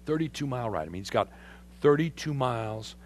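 A man preaching a sermon, animated and conversational, putting questions to his congregation. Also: mid-range voice, fairly quick, a little hiss or hum. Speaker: pastor.

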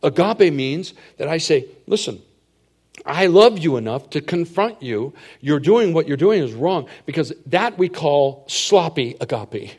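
A middle-aged man preaching a sermon as a pastor, telling stories and swinging from hushed asides to loud, emphatic points. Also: on the high side, expressive, measured pace, breathy edge.

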